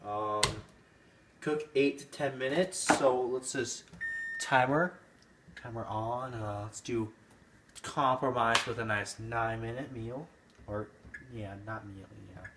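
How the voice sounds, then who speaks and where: A man's voice: mid-range voice, steady tone, takes it slowly. A young man hosting a casual home cooking show in a goofy, rambling, playful way. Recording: echoey room with background noise.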